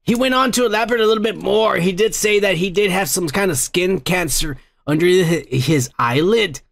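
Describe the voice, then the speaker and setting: A man's voice: sits high, moderate pace, gravelly, fairly bright tone. A man hosting a comedy podcast, ranting and swearing constantly in a crude, rambling way. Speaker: podcast host. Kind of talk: crude drunken comedy rant.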